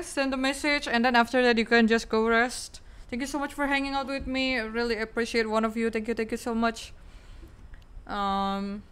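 A woman's voice: on the high side, fairly bright tone, clean tone. A young woman with an Indonesian accent, a game streamer chatting casually and rambling through her sign-off, repeating words and goodbyes.

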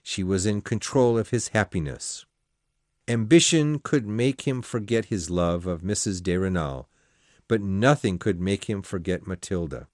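A man's voice: deep voice, animated, unhurried, darkish tone, no echo, studio quality. A man reading a classic novel aloud as an audiobook narrator, telling the story expressively.

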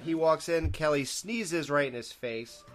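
A man's voice: fairly high pitch, a little slow, music in the background. Laid-back man rambling through an episode recap. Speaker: podcast co-host.

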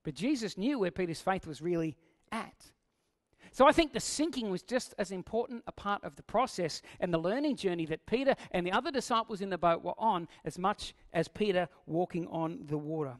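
High-voiced man preaching conversationally. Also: lively intonation, fairly quick. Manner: conversational preaching with rhetorical questions; acts out quoted lines in a raised voice. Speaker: pastor. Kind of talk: sermon.

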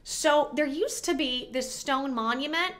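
Bright, high-voiced chatty woman vlogger. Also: measured pace. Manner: chatty, rambling, emotional. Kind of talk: casual storytime vlog.

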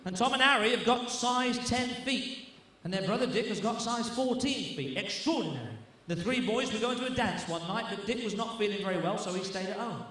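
Man playing a variety comic, bawdy jokes, high voice, distant echoey theatre with hum. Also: expressive, a little fast, bright, forceful tone. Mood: cheeky. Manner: bawdy joke-telling with audience asides. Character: old-school male variety comic telling jokes. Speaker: stand-up comedian character on stage. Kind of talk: stage play performance of a comedy act. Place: live theatre stage. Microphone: distant camera mic.

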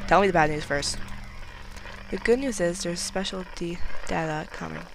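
A chatty commentator narrates their own play, giggling often and teasing themself. Their voice sits at a middling pitch. When a threat closes in, they turn jumpy and nervous, with faint game noise running underneath. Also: lively intonation, unhurried, creaky, pauses often. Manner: chatty, giggly, self-mocking. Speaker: gameplay commentator. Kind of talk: casual let's-play commentary.

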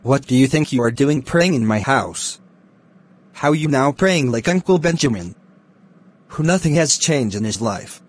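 A man voicing a wealthy, secretly wicked uncle in a Christian cartoon, speaking in a bossy, scornful way with a husky voice. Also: medium pitch, expressive, measured pace. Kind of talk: Christian animation voice acting.

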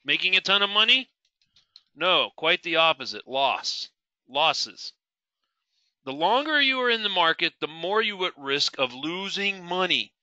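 Middle-aged male webinar instructor, fairly high and very bright voice, emphatic and questioning. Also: very animated, measured pace, dry recording, highs cut off. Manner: asks the audience questions, emphatic, repeats key words. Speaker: trading instructor. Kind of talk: live webinar teaching.

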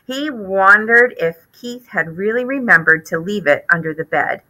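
A woman teacher reading a children's chapter book aloud in an expressive, animated way. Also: mid-range voice, normal speed, low-quality recording.

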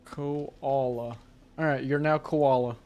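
A man's voice: on the high side, fairly quick, soft background music. A man hosting a livestream, calling out plays and joking casually with friends and viewers. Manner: excited, urgent callouts during play; laid-back, joking with chat between rounds. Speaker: livestream host playing a game. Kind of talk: casual gaming chat.

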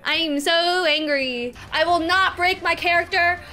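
Very high-pitched giggly woman streamer. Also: unhurried, sharp tone. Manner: giggly, cursing, breaking into laughter. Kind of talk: casual livestream chat. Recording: music playing in background.

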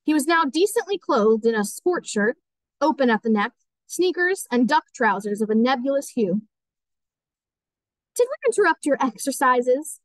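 A woman teacher reading a novel aloud as audiobook narration, steady and clear. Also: a little high, moderate pace, no room sound, poor audio.

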